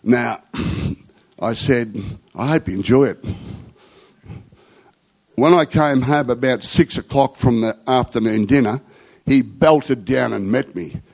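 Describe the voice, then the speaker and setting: A man's voice: medium pitch, slow, gravelly, a little mellow, low-quality recording. A middle-aged man with an Australian accent, telling rambling, slangy stories in a conversational talk to a group.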